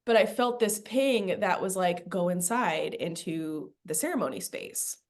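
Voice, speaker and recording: Lower-voiced woman, chatty podcast storyteller who rambles with many fillers. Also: measured pace. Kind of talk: casual spiritual podcast chat.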